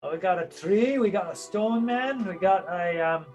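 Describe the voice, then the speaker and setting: A game master voicing a drunken, blustering middle-aged king who talks in a raised, gruff, jovial way. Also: mid-range voice, normal speed, loud music behind the voice, lightly acted.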